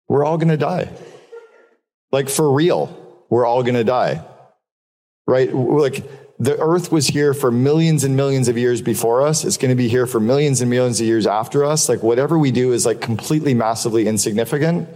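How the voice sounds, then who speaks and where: A man's voice: mid-range voice, a little fast, a little mellow. Profane man giving a keynote in a hall. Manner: candid and profane, repeats for emphasis. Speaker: keynote speaker. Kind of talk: live business talk with storytelling. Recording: long hall reverb.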